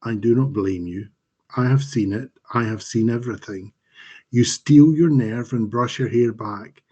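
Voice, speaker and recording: A man, the author, reading his dark fantasy fiction aloud in a slow, measured, dramatic way, over a home mic on a live stream. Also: mid-range voice, slightly rough, dull audio.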